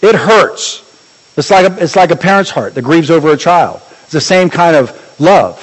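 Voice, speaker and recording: High-voiced preaching pastor in a hall. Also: male voice, normal speed. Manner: animated preaching with rising exclamations and humor. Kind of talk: sermon.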